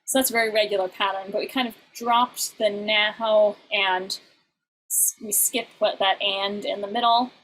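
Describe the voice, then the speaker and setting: A woman teaching an online class, explaining in halting bursts and now and then breaking into short sung examples. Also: medium pitch, fairly even intonation, a bit bright, slight background noise, rough recording.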